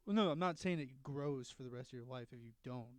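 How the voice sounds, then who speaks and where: A man's voice: medium pitch, quick pace, no room sound. A young man co-hosting a podcast in casual chat, blunt and teasing, laughing often. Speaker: podcast co-host.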